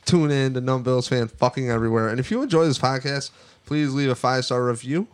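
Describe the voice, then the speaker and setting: A man's voice: mid-range voice, brisk. A man co-hosting a casual sports podcast, rambling and swearing a lot as he gets worked up. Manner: profane, rambling, excitable. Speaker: podcast co-host.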